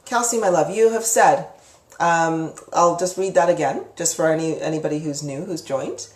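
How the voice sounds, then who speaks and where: A woman's voice: deep voice, moderate pace, echoey room. A woman hosting a live psychic Q&A, answering viewer comments in a frank, chatty way with casual swearing. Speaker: psychic live-stream host.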